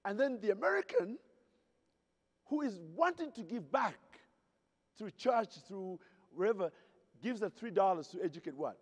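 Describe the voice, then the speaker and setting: His voice sits high and he speaks animatedly at a moderate pace, with long pauses. This keynote speaker from Zaire delivers humorous storytelling at a hotel-ballroom convention, playfully asking the audience questions, in a reverberant hall.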